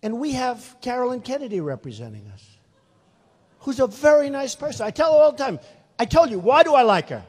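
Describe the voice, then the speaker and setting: Older guy in his 60s doing a rambly rally speech, pretty high voice, lots of repeating, echoey big hall. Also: sing-song, brisk, darkish tone. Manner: rambling, repetitive, emphatic. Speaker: political candidate. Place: large venue. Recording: reverberant hall.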